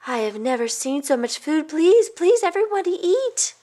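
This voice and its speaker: A woman voicing a caring mother in a storybook, warm and coaxing. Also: high voice, lively intonation, normal speed, pitched above the performer's own voice. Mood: amazed. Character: caring mother of three boys.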